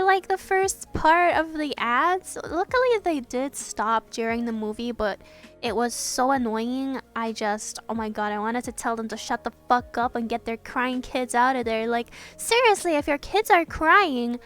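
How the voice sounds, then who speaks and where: High-voiced excitable young woman gushing. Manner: excitable fangirl gushing, swears casually, laughs often. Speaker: artist narrating a speedpaint. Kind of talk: casual voiceover chat. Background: soft background music.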